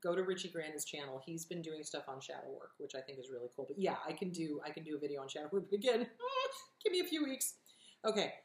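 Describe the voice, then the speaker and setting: A woman's voice: sits low, expressive, fast talker. Blunt, swearing middle-aged woman host. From California. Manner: direct, emphatic, encouraging. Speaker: host answering viewer questions. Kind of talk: casual advice talk. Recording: echoey room.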